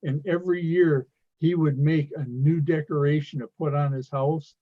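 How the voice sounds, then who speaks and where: A man with a fairly high voice joins a live stream, asking questions and tossing in dry jokes. His audio is close and dead, with a dull, muffled tone. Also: fairly even intonation, normal speed, no echo. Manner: asks questions, wry remarks. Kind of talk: casual chat on a live stream. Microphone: video call.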